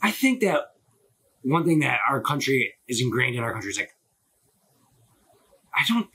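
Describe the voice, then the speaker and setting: This live-stream host talks into his phone with a very animated, bright, forceful mid-range voice that has a breathy edge and moves at a moderate pace. He rambles casually and opinionatedly, swearing and using lots of filler words.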